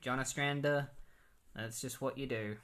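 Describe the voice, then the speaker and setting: A man's voice: mid-range voice, fairly even intonation, measured pace, a bit bright. Rambling man recapping comics. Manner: rambling, filler-heavy. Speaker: comic book reviewer. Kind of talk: casual recap commentary.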